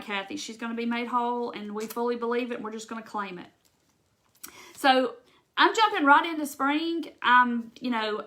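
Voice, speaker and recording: A middle-aged woman with a Southern US accent, hosting a casual craft livestream and chatting with viewers. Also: a little high. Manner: chatty, warm-hearted, says y'all, tearful at times. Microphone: phone or webcam livestream.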